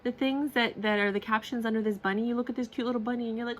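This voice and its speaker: A woman's voice: a little high, fairly even intonation, a little fast. A woman reviewing a card deck on camera in a casual, gushing way, repeating herself and laughing often. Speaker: tarot and oracle deck reviewer.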